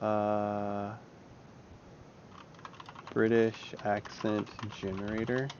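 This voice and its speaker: Very slow and monotone, his lowish, slightly mellow voice drifts along as he builds maps and thinks out loud, cursing and using lots of fillers. The muffled recording carries faint music and slight background noise.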